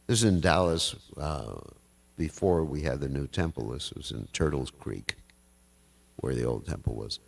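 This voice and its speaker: An older man with a low, gravelly voice tells scripture stories to a temple class. He talks in a loose, folksy way and chuckles between his asides. He is picked up from a distance in the hall. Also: normal speed. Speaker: class speaker.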